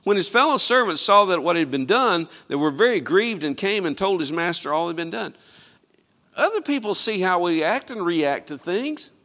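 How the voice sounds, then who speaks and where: A man's voice: high-pitched, lively intonation, normal speed, bright, forceful tone. A man preaching a sermon emphatically, calling out to his congregation for responses. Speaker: pastor.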